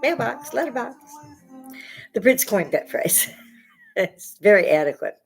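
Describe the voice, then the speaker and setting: A woman's voice: mid-range voice, big pitch swings, a little slow, gravelly, breathy edge, low-quality recording. Woman in her sixties, American, blunt profane rant, middling voice, faint music underneath. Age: 60s. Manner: blunt, profane, riled up, with rising outbursts. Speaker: vlogger. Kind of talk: ranting opinion monologue.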